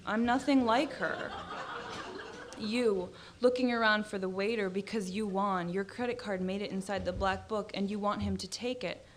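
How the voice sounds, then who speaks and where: A woman author reading her own short fiction aloud in a measured, dry narrating voice. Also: medium pitch, steady tone, slight background noise. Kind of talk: literary reading.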